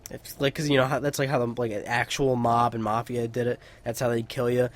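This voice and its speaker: A man's voice: medium pitch, level tone, a little fast. Rambling young man, gameplay commentary. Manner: rambling, chatty, swears freely. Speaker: gaming YouTuber. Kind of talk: let's play commentary.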